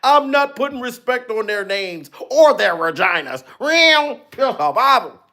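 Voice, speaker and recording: A man hosting a live-stream commentary show, loud and profane, laughing and mocking as he reacts to clips and reads out viewer donations. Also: extremely high pitch, animated, unhurried. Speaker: livestream commentary host.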